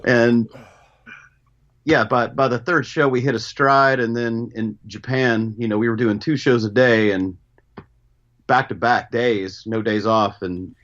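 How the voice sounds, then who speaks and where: A man calling in as a guest musician, talking in a relaxed, easygoing way with a lot of hedging. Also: mid-range voice, a little slow. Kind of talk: casual interview chat. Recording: dull phone-line call.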